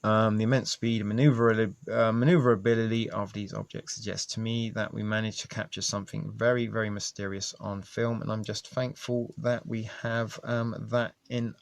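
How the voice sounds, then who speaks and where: Gravelly, halting man. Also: on the low side, flat delivery, dry recording. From England. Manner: halting, many ums and restarts. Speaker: video host. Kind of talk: casual reading and commentary.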